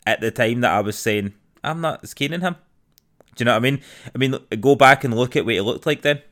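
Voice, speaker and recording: A man's voice: mid-range voice, quick pace, a bit bright. A young Scottish man in casual podcast chat, blunt, sweary and enthusiastic. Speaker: podcast co-host.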